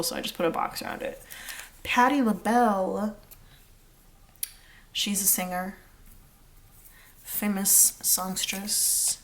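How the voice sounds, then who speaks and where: A woman's voice: on the low side, measured pace, long pauses, a bit bright. A woman giving a casual pick-a-card tarot reading, chatty and rambling with lots of fillers. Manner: chatty and rambling, many fillers, sings snatches of lyrics. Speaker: tarot reader.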